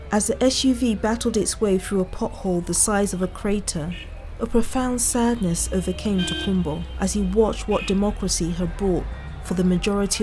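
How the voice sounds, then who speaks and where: A woman narrating a short story in an even, measured manner. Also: mid-range voice, noisy background. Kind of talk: reading a short story aloud.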